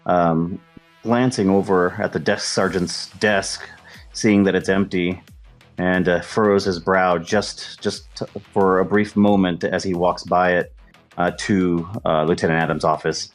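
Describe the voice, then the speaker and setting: A man describes his character's moves in a tabletop game, pausing often on fillers. His voice is very deep, with faint music behind him. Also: fairly even intonation. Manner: hesitant, with many fillers. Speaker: player.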